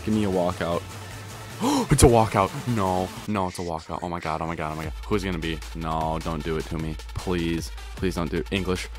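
A man streaming a video game pack opening, excitable and trying to keep his voice down at home, swinging from grumbling to yelling. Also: low voice, fast, hardly any pauses, music in the background. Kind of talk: pack-opening gameplay commentary.

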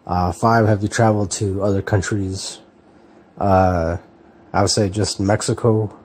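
A man in his thirties from California, chatting casually in a relaxed, hesitant way with lots of fillers and restarts. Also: on the low side, unhurried, slightly rough. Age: 30s. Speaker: book vlogger. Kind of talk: casual chat, answering a tag.

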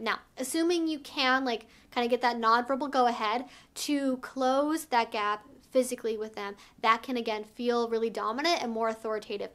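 A woman's voice: on the high side, a bit bright. A woman giving frank, casual advice as a vlogger, emphatic and direct, peppering her talk with "like" and "right?". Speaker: sex educator vlogger.

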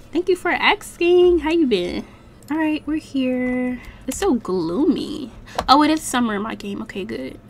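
Chatty young woman streamer, fairly high voice. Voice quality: slangy, animated exclamations. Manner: chatty, talks to viewers and game characters. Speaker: gaming streamer. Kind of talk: casual let's-play commentary.

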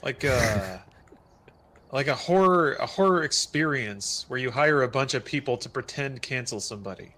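Goofy man with a bright voice. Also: expressive, normal speed. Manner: goofy, pitches silly ideas. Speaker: game player and guest. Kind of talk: playing a horror game with friends.

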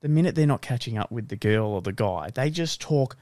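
A young man, hosting a casual podcast chat in a relaxed, agreeable way. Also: medium pitch, fairly quick, dry recording, studio quality. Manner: relaxed, agreeable, rises when worked up. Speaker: podcast host.

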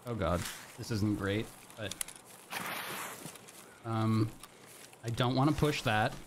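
A young man streaming a game live, talking to his chat in a nervous, excitable way. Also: on the low side, takes it slowly, background noise.

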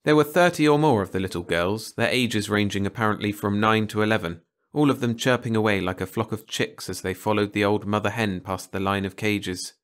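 A man's voice: lowish voice, fairly quick, hardly any pauses, a bit bright, smooth. Man reading a playful bedtime story. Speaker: audiobook narrator. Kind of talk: scripted bedtime story narration.

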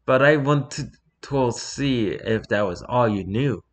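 A man's voice: medium pitch, slow. A man voicing a male cat clan leader who mentors an apprentice, in a plain, mildly encouraging read.

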